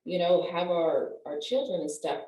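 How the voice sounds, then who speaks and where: An older woman with a low, mellow voice talks animatedly about how the body works. She laughs as she explains. She sounds set back from the mic in a roomy space. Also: expressive, moderate pace. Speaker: guest, wellness professional. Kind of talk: conversational explaining.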